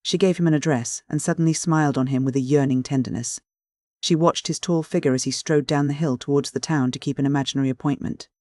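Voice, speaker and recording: An audiobook narrator reading a classic novel in measured, scripted narration. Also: mid-range voice, fairly even intonation, a little mellow, no room sound, studio quality.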